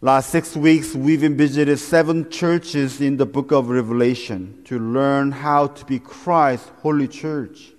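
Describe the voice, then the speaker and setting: A man, a pastor, preaching a sermon in a deliberate, questioning way in a church. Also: mid-range voice, fairly even intonation, a little mellow. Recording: church hall reverb.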